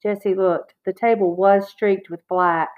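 A woman narrating a children's chapter book aloud in a clear, expressive read-aloud manner. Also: mid-range voice, a little slow. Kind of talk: children's audiobook reading. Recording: slightly dull, lo-fi recording.

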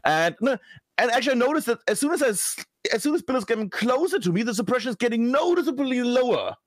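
A man's voice: very high-pitched, big pitch swings, quick pace, no echo. A man who is a guest on a podcast, chatting casually, breaking off and restarting his sentences and swearing now and then. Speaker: guest, competitive game broadcaster.

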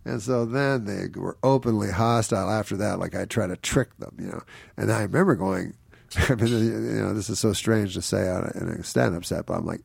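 Gravelly man rambling through a story. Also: lowish voice, a little fast, darkish tone, no room sound, studio quality. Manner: meandering storyteller, chuckles often, mimics people in his stories. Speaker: guest comedian. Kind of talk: casual anecdote telling.

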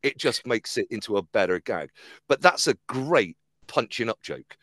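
A man hosts a casual comedy podcast in a dry, close-miked voice. His pitch climbs and dips all the time as he spins anecdotes. He slips into the voices of the people in his stories. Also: moderate pace, dry recording. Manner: animated storyteller who acts out quoted voices.

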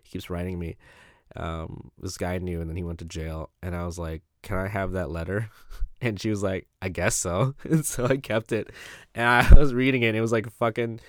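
A man hosting a casual solo podcast, rambling and profane as he laughs often. His voice sits low and sounds dry and close to the mic. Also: no room sound. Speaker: podcast host.

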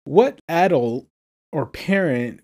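A man's voice: animated, slow pace, darkish tone. A man co-hosting a podcast, casually poking holes in a film's plot with wry jokes. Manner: wry, questioning, low-key jokes. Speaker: podcast co-host. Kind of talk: casual film review chat.

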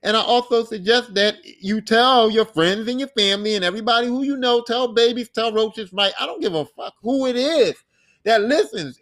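A man's voice: extremely high pitch, a bit bright. A young man hosting his own podcast, talking in a loose, rambling and profane way, with boastful asides. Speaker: podcast host. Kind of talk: casual solo podcast monologue.

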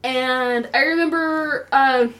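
A woman's voice: high voice, fairly bright tone. A woman hosting a podcast, telling stories in a chatty, bubbly way. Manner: chatty storytelling, fast and bubbly. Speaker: podcast host. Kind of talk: casual chat.

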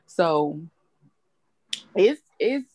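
A woman's voice: fairly low pitch, very animated, drawn-out words, dark tone, breathy edge, no room sound. A young woman hosting a casual chat, talking bluntly and candidly and swearing freely. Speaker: host.

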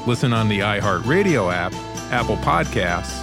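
A man's voice: on the low side, sing-song, normal speed, over music. A man reading a scripted promo for his interview podcast in an upbeat, announcer-like way. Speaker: podcast host.

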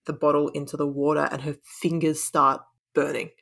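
A woman's voice: deep voice, little pitch movement, fairly quick, gravelly, a bit bright. A woman chatting casually about a book, laughing often and acting out the characters' lines. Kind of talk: casual chat retelling a book.

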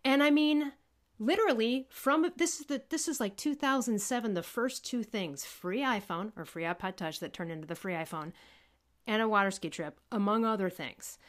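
A woman guest telling a personal story in casual conversation, animated, acting out what people said and swearing freely. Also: fairly high pitch, normal speed. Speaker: podcast guest.

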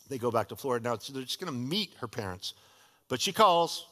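A man's voice: mid-range voice, brisk, in a large hall. A middle-aged male pastor preaching a sermon, telling a personal story in a casual, conversational way. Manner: casual, conversational storyteller with lively retold dialogue. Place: church sanctuary.

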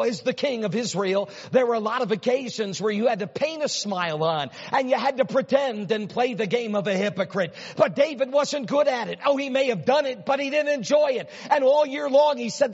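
A man preaches a sermon in a high, husky voice, telling the story dramatically as he swings from hushed, low murmurs to loud, ringing exclamations. A long reverb fills the church hall, and the recording is a bit dull.

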